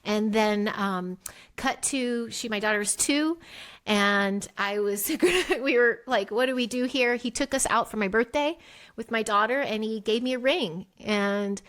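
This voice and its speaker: A middle-aged woman, a podcast guest, telling her story candidly and acting out the quoted dialogue with big jumps in her voice. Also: unhurried. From United States. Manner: animated, acts out quoted dialogue with pitch jumps.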